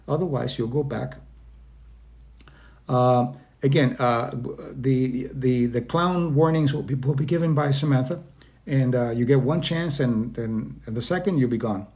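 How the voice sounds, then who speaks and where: A man from Spain speaking informally about self-esteem, often acting out quoted people in quick voice changes, with plenty of fillers and restarts. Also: mid-range voice, darkish tone. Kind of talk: informal talk to an online audience.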